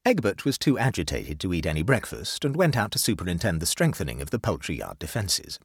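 A man narrating a classic short story aloud in an expressive, measured way. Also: low voice, husky, dry recording, studio quality.

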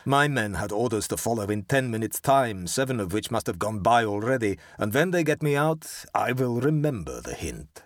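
A proud landowner, stern and clipped, speaking fiercely to his rival, as a man puts him on. The voice swings in pitch and is heard dry and close, as in a storybook reading. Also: lively intonation, normal speed, hardly any pauses, no echo, close to an everyday voice.

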